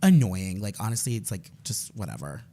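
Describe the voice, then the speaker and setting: A man's voice: on the low side, sing-song, a little fast, mellow. A man co-hosting a podcast, telling a night-out story in casual chat and acting out the voices. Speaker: podcast co-host.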